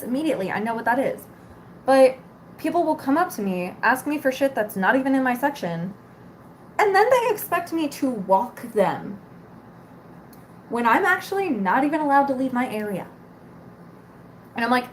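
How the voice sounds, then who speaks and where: A woman's voice: fairly high pitch, sing-song, normal speed, a little hiss or hum. A woman in her twenties ranting casually, exasperated, sarcastic and full of swearing. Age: 20s. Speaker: cosmetics store worker. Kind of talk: casual venting rant.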